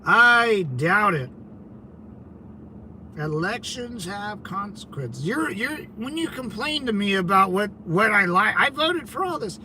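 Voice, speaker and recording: Brash high-voiced man ranting on a stream. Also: sing-song, normal speed, few pauses, sharp tone, a little hiss or hum, poor audio. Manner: brash, combative, mocking. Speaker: channel host reading live chat. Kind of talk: casual livestream chat.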